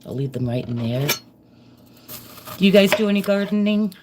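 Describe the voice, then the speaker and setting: In an animated mid-range voice at normal speed, a middle-aged live-stream cooking vlogger chats casually with viewers as she cooks at home. Her talk is rambling and friendly. Kitchen noise, chopping and clicks, sits under her voice.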